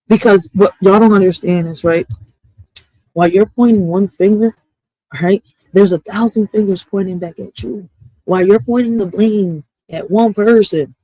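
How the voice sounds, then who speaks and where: A woman's voice: fairly low pitch, darkish tone. A woman venting on her live stream in a loose, unscripted rant. She is blunt and profane and circles back to "listen" and "right?" again and again. The sound is close and dry, with no room echo.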